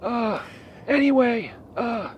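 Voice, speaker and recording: High-voiced rambling male caller. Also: expressive, takes it slowly, lo-fi sound, slight background noise. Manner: stammering, crude, rambling with many fillers. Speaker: regular caller. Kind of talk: rambling prank-style phone call.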